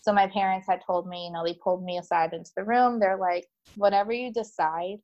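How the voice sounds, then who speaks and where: A woman at a middle pitch, speaking as a guest and recounting her own story in casual conversation. She is chatty and animated, full of fillers and quick quoted voices of other people. The recording is a little dull and muffled.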